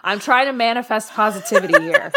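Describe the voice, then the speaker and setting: A woman's voice: on the high side, brisk, a bit bright. Playful, joking woman podcast co-host. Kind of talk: casual chat.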